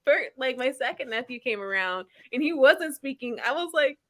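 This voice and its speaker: A woman's voice: high voice, expressive, moderate pace, a bit bright. A woman hosting a casual reading-sprint stream from home, chatting in a rambling way and laughing often. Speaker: livestream host.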